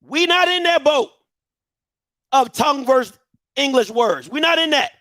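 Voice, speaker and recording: A man in his thirties with a strikingly high-pitched voice hosts a heated commentary rant. He mocks his target with rapid-fire rhetorical questions and breaks into shouting now and then. The sound is dry and close, with no room echo. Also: lively intonation. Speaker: show host.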